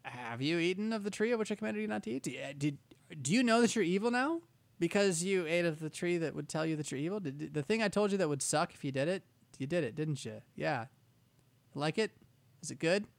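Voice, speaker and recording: A man voicing God as a patient, fatherly creator who gently and teasingly questions. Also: fairly high pitch, expressive, fairly quick, vocal fry, no echo.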